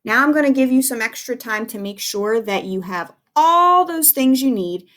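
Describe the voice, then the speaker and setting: A woman's voice: on the high side, expressive, normal speed, fairly bright tone. A woman teacher giving a recorded phonics lesson to young children, patient and encouraging, spelling words out letter by letter.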